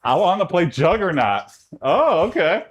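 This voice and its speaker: A man from Texas, chatting casually with his livestream chat during a workout. His talk rambles, and his voice jumps up in pitch when he gets excited. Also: moderate pace, highs cut off, crowd noise. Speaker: streamer.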